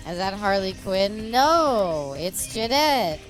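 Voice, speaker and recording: Giggly, slow-talking Canadian woman streamer. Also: mid-range voice, very animated, faint music behind. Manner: giggly, chatty, rambling. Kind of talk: gameplay commentary.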